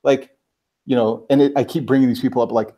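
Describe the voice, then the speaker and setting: A man, a guest on a talk show, telling a personal story in casual, animated talk, full of filler words and acted-out quotes. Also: medium pitch, a little fast. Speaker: guest, personal branding expert.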